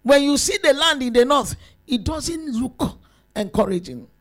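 Emphatic woman preaching, high voice. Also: a little slow. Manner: emphatic, shouting at peaks, lively rises and drops. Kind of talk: sermon to women.

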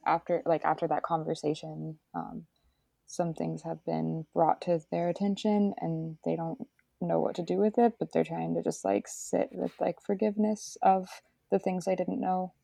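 A young woman describing scenes as a player in a tabletop game, in a halting way with many fillers. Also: low-pitched, vocal fry, mellow, no echo.

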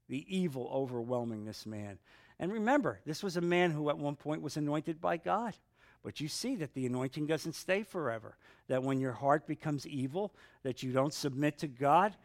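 A man in middle age leads a Bible study group, reading scripture aloud in a slightly high voice. Between verses he drops into casual, joking commentary for the group. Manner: reads aloud then breaks off with casual asides and humor.

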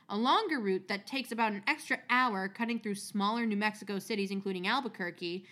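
A woman with a slightly high voice reads a story aloud on a podcast. She keeps it casual and chatty, swears freely and laughs at her own asides. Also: fairly bright tone.

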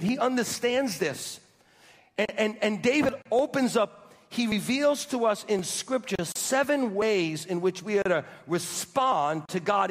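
Preaching a sermon, a male pastor speaks in a very high voice, leads the crowd in call-and-response, and repeats his lines for emphasis. Long reverb fills the sound, like a large church hall.

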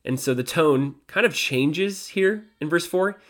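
A man's voice: a little high, measured pace, a bit bright. A man hosting a devotional podcast, teaching a psalm in a conversational way with fillers and self-corrections.

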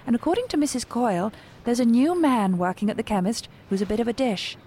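A woman's voice: on the high side, sing-song, quick pace, mellow, a little hiss or hum. A genteel housewife in a prim, breathless manner, reading her comic diary aloud and playing out her own encounters. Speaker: diarist narrating her day. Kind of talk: comic diary narration and acted scene.

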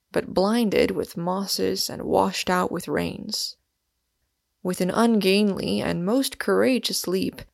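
Slow, gravelly woman narrator. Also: mid-range voice, no echo, clean studio sound. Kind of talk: scripted audiobook narration.

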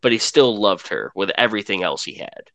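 A man's voice: lowish voice, brisk, vocal fry, dry recording. Man, podcast co-host, rambling, many fillers, dry sound. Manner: rambling, many likes and restarts, gets excited. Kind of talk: casual album discussion.

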